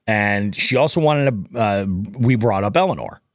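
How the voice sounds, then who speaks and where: A man's voice: on the low side, normal speed, dry recording, clean studio sound. A man guesting on a podcast, telling a casual, profane story and acting out what people said. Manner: animated, profane, acts out quoted dialogue.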